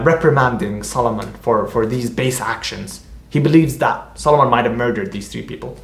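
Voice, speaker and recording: A man, an author, describing his novel in a casual, rambling way, full of halting restarts and fillers. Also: mid-range voice. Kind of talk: casual book discussion. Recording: echoey room.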